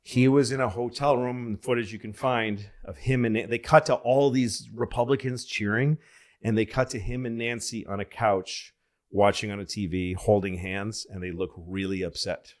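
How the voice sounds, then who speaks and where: A man's voice: on the low side, moderate pace. A middle-aged man from Massachusetts, chatting casually as a podcast guest and telling stories, acting out the people he quotes. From Massachusetts, USA. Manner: animated storyteller who acts out quoted people in raised voices. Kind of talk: casual storytelling chat.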